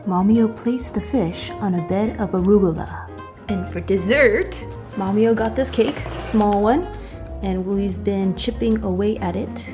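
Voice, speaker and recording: A woman's voice: mid-range voice, measured pace, over music. A woman narrating her food vlog at home in a chatty, playful way. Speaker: food vlogger.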